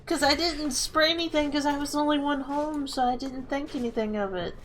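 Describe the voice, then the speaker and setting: A woman's voice: high-pitched, brisk, poor audio. A woman streamer in casual chat, telling embarrassing stories with lots of laughter. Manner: laughing storyteller, animated. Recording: faint music behind.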